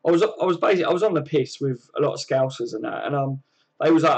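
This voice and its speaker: A man's voice: medium pitch, quick pace, breathy edge. A man with a southern English accent, hosting a casual live stream and reading out chat messages in matey banter full of fillers. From southern England.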